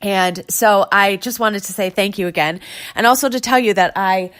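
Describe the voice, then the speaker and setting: A woman's voice: mid-range voice, moderate pace, fairly bright tone. A woman in her thirties from New York hosting her own podcast, chatting and gushing as she retells stories. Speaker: podcast host. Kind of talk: casual solo podcast chat.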